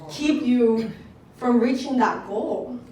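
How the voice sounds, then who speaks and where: A young woman giving an excited, conversational testimonial speech to an audience at a business event and talking to them directly. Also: a little high, slow. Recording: echoey room picked up from a distance.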